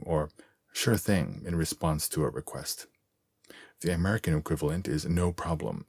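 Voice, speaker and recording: A man giving a measured, clear, scripted narration of an English-learning column. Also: very deep voice, darkish tone, dry recording.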